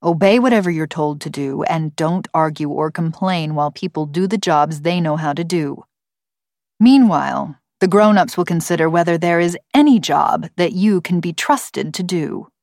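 A woman's voice: sits low, moderate pace, a little mellow, no echo. A woman reading an audiobook and voicing a female computer intelligence who speaks in a dry, clipped, commanding way. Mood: stern.

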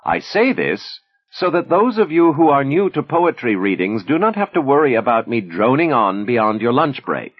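A man voicing a wry, defiant Soviet woman poet who speaks in a dry, ironic, measured way at a reading. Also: mid-range voice, very animated, pitched above the performer's own voice. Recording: dull lo-fi recording.

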